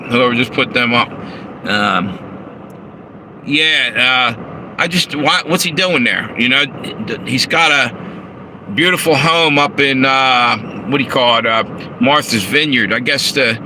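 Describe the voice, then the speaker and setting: A man talks loosely and profanely into his phone, chuckling at his own asides while reading out chat messages. His voice sits in an ordinary middle range. The car's engine and air conditioner hum clearly behind him on the phone recording. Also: mid-range voice. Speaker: live streamer. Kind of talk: casual livestream talk, reading chat. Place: inside a parked car with air conditioning running. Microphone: handheld phone. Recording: noisy phone audio in a car. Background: car engine and air conditioner hum.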